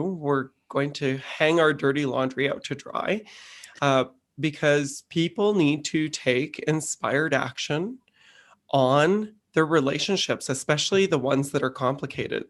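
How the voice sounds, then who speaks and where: A man co-hosting a podcast, chatting in a sassy, quick-witted way. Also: mid-range voice. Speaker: podcast co-host. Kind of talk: casual chat.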